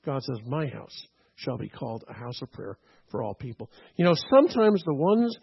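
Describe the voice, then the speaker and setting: A man's voice: medium pitch, very animated, moderate pace, vocal fry, husky, lo-fi sound. A man preaching a teaching sermon, checking in with "okay?" and "right?" as he explains. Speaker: pastor.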